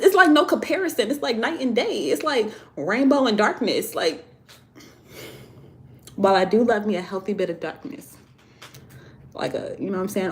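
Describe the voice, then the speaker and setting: A young woman, a tarot and oracle deck creator, hosts a casual livestream on her phone, reading viewer comments in a chatty, candid, slangy way and laughing often. Her voice is medium-pitched, with a little hiss or hum in the audio.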